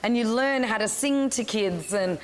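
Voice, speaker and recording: A young woman telling a casual story, lively and blunt, swearing freely and acting out the people she quotes. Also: a little high, moderate pace, a little hiss or hum, low-quality recording.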